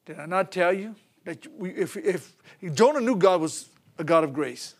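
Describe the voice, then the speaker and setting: Preacher man, middle-aged, high voice, folksy, animated storytelling. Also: moderate pace. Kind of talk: sermon.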